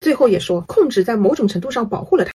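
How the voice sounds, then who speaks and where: A woman commentator picks apart her subject in a brisk, critical manner. She talks at a rapid clip. Her voice is very breathy and husky, and sits a little high. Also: expressive, dark tone. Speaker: online commentator. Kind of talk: analytical commentary.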